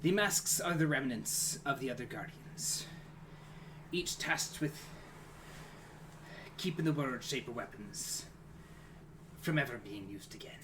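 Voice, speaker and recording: A man's voice: medium pitch, animated, a little slow, pauses often, noisy background, close to an everyday voice. A man voicing an exhausted ancient male guardian, weary and grave.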